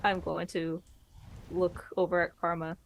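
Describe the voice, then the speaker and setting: A woman playing a tabletop game, blunt and deliberate. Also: lowish voice, flat delivery, gravelly, a little hiss or hum. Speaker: player.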